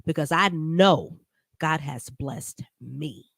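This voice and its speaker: A woman's voice: sits low, slow pace, gravelly, fairly bright tone, no room sound, studio quality. A woman hosting a live-stream talk show, giving casual, earnest commentary and talking to her viewers by name, sometimes emotional.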